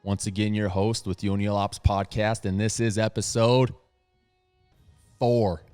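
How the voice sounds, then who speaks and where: A man in his thirties hosting a podcast in casual chat, talking softly in a low radio voice with lots of restarts. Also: little pitch movement, unhurried, clear, resonant tone, soft background music. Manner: low, soft-spoken radio voice, rambling restarts. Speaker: podcast host. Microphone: studio podcast mic.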